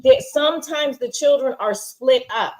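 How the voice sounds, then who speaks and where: A woman co-hosts a casual TV episode review in a fairly high voice. She talks firmly, explaining her view and pushing back on her co-host. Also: normal speed, darkish tone, rough recording. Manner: firm, explains and pushes back. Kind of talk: casual chat.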